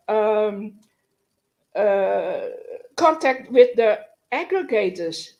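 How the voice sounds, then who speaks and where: A woman hosting a live news and Q&A stream, halting and stumbling often as she complains in exasperation. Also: on the high side, lively intonation, a little mellow, poor audio.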